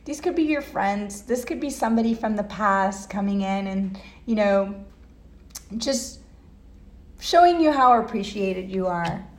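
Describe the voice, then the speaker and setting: A woman's voice: mid-range voice, lively intonation, unhurried. A woman giving a casual tarot reading at home, emotional and blunt, swearing freely. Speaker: tarot reader. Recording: echoey room.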